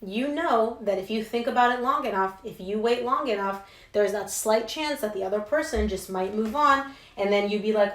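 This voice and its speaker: A woman's voice: medium pitch, moderate pace, few pauses. Young woman reading tarot, casual and emphatic, slangy, roomy sound. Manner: chatty and emphatic, slangy asides. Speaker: tarot reader. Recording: roomy echo.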